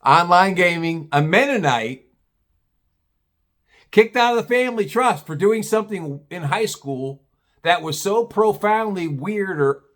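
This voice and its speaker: A man telling a casual story to his own camera, rambling, restarting often and swearing casually. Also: a little high. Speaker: storyteller, former meat department manager. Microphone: camera he films himself with.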